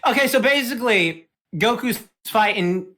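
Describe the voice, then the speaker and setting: A man co-hosting a podcast in casual chat, ranting heatedly and swearing a lot while retelling a story with quick quoted voices. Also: extremely high pitch. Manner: fast, animated storytelling with quick put-on quotes. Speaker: podcast co-host.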